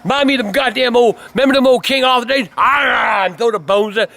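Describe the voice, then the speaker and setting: Loud profane old man, high bright voice. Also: fast, vocal fry. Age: older. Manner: loud, cursing, ranting. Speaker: grandfather telling stories. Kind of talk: profane storytelling to camera.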